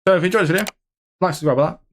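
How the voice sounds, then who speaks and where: A man's voice: high-pitched, racing. A man hosting a reaction video, commenting bluntly with an exasperated, swearing manner.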